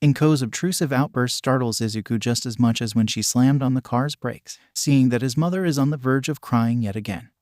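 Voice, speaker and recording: Male story narrator, even delivery, mid-pitched voice, dry close sound. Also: dry recording. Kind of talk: scripted fan-fiction narration.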